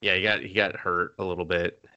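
A man's voice: low voice, level tone, fairly quick, bright, forceful tone, clean tone, muffled recording. Rambling man recapping an anime, coughing. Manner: rambling, laughs often, acts out quotes. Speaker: podcast co-host. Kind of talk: casual chat recapping an anime episode.

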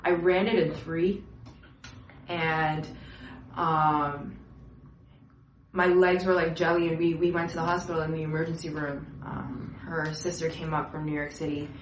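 Animated young woman preaching in an echoey room. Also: low-pitched, measured pace, slight background noise. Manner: animated storytelling with acted-out voices. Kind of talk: casual sermon.

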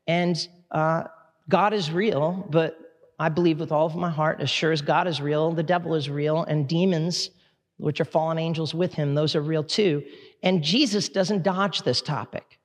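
A man preaching in a church, casual and animated, reading scripture aloud with dramatic emphasis. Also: fairly high pitch. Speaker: pastor. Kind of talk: sermon. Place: church sanctuary. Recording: echoey hall reverb.

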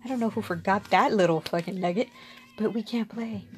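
A woman speaks to her audience in a loose, candid storytelling voice. She is blunt and unfiltered, dropping a casual curse here and there. Her pitch sits in an ordinary middle range for a woman. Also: fairly quick, soft background music. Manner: frank and candid, swears casually, laughs often. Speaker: storyteller sharing personal experience.

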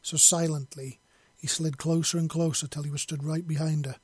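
A man's voice: fairly high pitch, flat delivery, moderate pace, a little mellow, husky, dry recording. A man reading a long fantasy story aloud in an unpolished way, with slips and self-corrections. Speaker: story reader. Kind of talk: reading his own fiction aloud.

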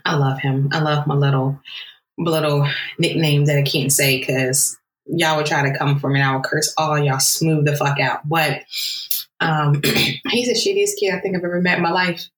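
A woman's voice: low voice, steady tone, normal speed, echoey room, low-quality recording. A woman co-hosting a podcast, bantering casually and teasing with playful swearing. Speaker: podcast co-host.

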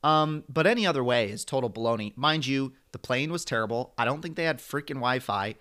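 A young man co-hosting a podcast, telling a long story in an animated, rambling way. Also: medium pitch, a little fast, few pauses. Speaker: podcast co-host. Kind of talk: casual chat.

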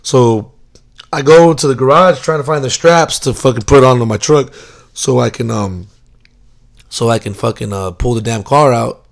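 A man's voice: mid-range voice, moderate pace, gravelly. A young man telling a drunken story in a casual, rambling way, swearing constantly and filling his talk with fillers. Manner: laid-back, amused.

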